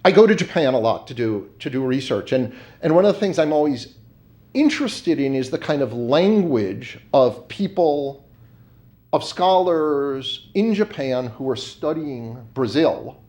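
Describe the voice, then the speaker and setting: Guy lecturing at a uni, chatty, restarts a lot, pitch bouncing all over. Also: expressive, unhurried, darkish tone. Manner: conversational, with restarts and fillers. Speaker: university lecturer. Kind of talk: academic lecture.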